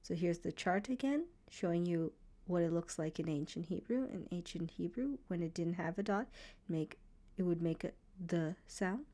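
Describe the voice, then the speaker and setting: A woman leads a beginner Hebrew lesson in a patient, encouraging way. Her voice sits a touch low and mellow. She breaks words into single sounds and repeats them slowly. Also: lively intonation. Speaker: Hebrew teacher.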